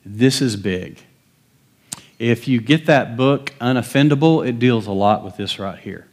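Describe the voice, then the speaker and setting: A man's voice: mid-range voice, a little slow, a little mellow. Folksy man preaching a story-filled sermon. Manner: folksy, chuckles often, acts out quoted dialogue. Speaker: pastor.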